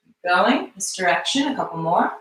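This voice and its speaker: A woman coaches a movement class in a calm, guiding tone, talking people through inhales and exhales. Her voice sits at a middle pitch. She is recorded from a distance in a very echoey room. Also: moderate pace, a little hiss or hum. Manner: calm, guiding breath cues. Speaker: mobility instructor. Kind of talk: live online movement class. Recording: echoey room, mic far off.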